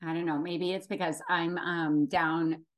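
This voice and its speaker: A woman's voice: on the low side, flat delivery, a little slow. A woman guest on a podcast, talking casually at home in an easygoing, direct way. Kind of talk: casual chat. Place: home on the coast.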